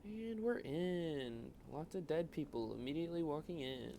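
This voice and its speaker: A man's voice: fairly high pitch, expressive, normal speed, creaky, mellow, slight background noise. A man doing a casual, rambling voiceover over his own gameplay, chatting and poking fun at his own choices. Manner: rambling, self-mocking, chatty. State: yawning, tired. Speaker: gaming channel host.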